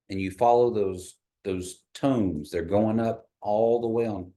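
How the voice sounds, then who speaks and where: Patient low-voiced man teaching a class. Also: darkish tone. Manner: patient, encouraging, slows down to model tones. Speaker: language teacher.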